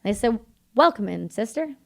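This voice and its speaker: A woman from Canada speaks as a guest on a podcast, her voice sitting a little high for a woman. She tells her story candidly and earnestly, in quick runs that slip into remembered bits of dialogue. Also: lively intonation, vocal fry. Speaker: podcast guest, combat veteran.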